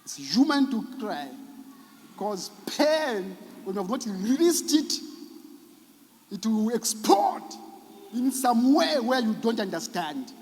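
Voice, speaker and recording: A man, a psychologist giving an emotional, preaching-style talk at a church event. He moves between loud exclamations and very soft lines. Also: extremely high pitch, sing-song, slow. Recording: reverberant hall.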